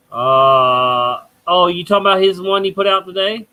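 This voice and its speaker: A man's voice: high voice, lively intonation, normal speed, pushed and bright, clear, resonant tone, rough recording. A talk show host on a call with headphones, chatting casually and mumbling while he clicks around.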